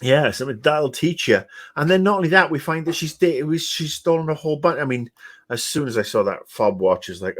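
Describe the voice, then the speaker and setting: A man's voice: a little high, lively intonation, brisk. Sarcastic rambling male podcast host. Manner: rambling, sarcastic, swears freely, many fillers. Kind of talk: casual podcast discussion.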